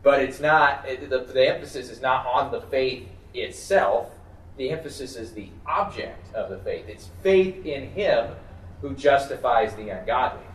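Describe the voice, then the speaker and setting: A man's voice: mid-range voice, lively intonation, a little slow. A man leading a Bible study discussion, thinking aloud with many fillers and restarts as he teaches the group. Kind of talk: conversational teaching. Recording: roomy, distant mic, faint background noise.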